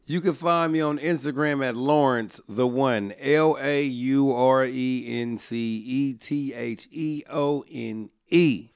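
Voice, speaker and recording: A man from Oakland, California, guesting on a podcast and speaking in a slow, laid-back, casual way. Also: medium pitch, fairly even intonation, smooth, no echo, studio quality. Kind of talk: casual chat.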